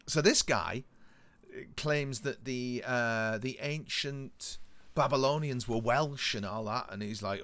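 A man's voice: medium pitch, measured pace. A man chatting casually as a podcast co-host, enthusiastic and often laughing. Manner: enthusiastic, laughing, animated storytelling. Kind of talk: casual chat.

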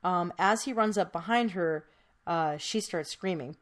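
A woman's voice: lowish voice, a little slow. A woman podcast host telling a true crime case in casual, chatty storytelling, with many fillers.

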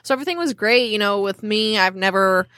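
Bright-voiced young woman telling a story. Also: medium pitch, fairly quick, no echo, clean studio sound. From Michigan. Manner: animated, quotes others in voices, laughs often. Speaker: guest telling a personal story. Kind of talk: candid conversational storytelling.

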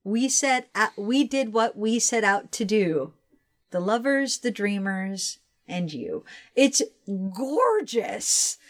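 Animated woman gushing about films. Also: on the high side, slow. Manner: enthusiastic, swears casually, acts out movie bits. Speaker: podcast co-host. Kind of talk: casual film chat.

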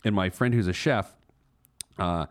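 A man's voice: low-pitched, a little slow. A man hosting his own podcast, telling a story casually, full of fillers, restarts and laughter. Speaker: podcast host. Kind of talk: casual chat.

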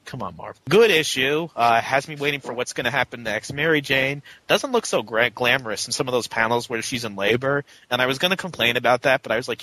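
A chatty man co-hosting a casual comic book podcast, his voice bright and forceful. He talks in a loose, animated way and slips into quick mock voices. A faint hiss of noise sits under the recording. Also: mid-range voice, rough recording. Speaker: podcast co-host.

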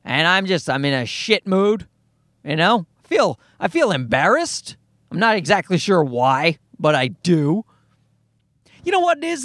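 A man's voice: sits high, sing-song, normal speed, fairly bright tone, no echo, studio quality. A man, likely in his thirties, telling a comic story as a profane, exasperated rant.

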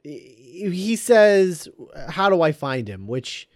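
Animated man in dry close-miked chat. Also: sits high, drawn-out words, no room sound. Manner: animated, joking. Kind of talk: casual film discussion.

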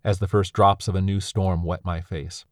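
A man reading a first-person story aloud in a measured, somber way. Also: sits low, flat delivery, no echo, clean studio sound. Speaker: narrator.

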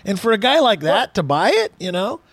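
A man's voice: sits high, a little fast, dry recording. A man hosting a casual car talk radio show, telling stories and acting out quotes. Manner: animated storyteller, acts out quotes.

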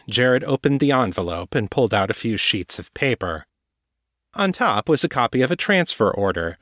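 A man narrating a novel in a measured, steady reading voice. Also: medium pitch, no room sound, clean studio sound. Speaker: audiobook narrator. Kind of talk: scripted narration.

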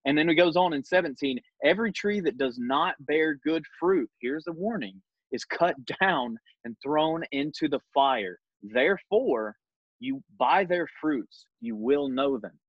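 A man's voice: fairly high pitch, expressive, measured pace, dry recording, muffled recording. A man hosting a podcast who leads a Bible study conversation, reading scripture aloud and making his points with earnest emphasis. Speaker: podcast host.

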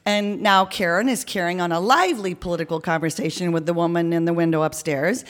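A woman telling a story to a live audience in an animated, chatty way, dotted with ums and okays. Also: fairly low pitch, brisk.

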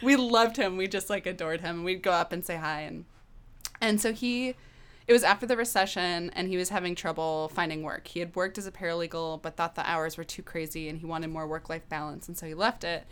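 A woman in her thirties tells a personal story in a relaxed, open way, dropping casual swear words. Her voice is fairly low and sounds smooth and clean. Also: brisk. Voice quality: candid, animated, swears casually. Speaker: guest.

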